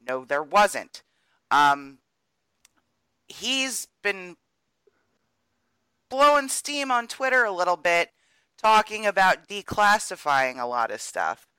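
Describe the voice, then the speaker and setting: A man's voice: sits high, big pitch swings, slow pace, pauses often, bright, forceful tone, smooth, no room sound, poor audio. A man co-hosting a podcast, giving emphatic, opinionated political commentary. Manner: opinionated, emphatic, builds arguments. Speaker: podcast co-host.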